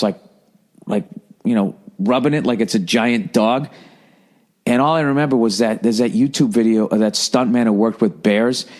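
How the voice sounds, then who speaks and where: A man's voice: medium pitch, a little mellow. A man in his forties from the United States, telling a profane, rambling story on a comedy podcast. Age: 40s. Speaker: podcast host.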